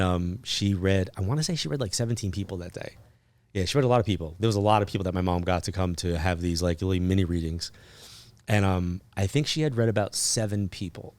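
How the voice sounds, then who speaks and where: A man, a guest on an interview podcast, telling a personal story in a chatty, animated way, full of fillers and acted-out dialogue. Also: low voice, a little fast, no echo. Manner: animated, acts out remembered dialogue. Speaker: podcast guest, psychic medium.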